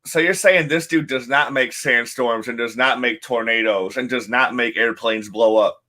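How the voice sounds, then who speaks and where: A man's voice: mid-range voice, moderate pace, bright, forceful tone. A man co-hosting a podcast, laid-back and laughing often, swearing casually while chatting about a TV show. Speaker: podcast co-host. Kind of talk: casual TV discussion.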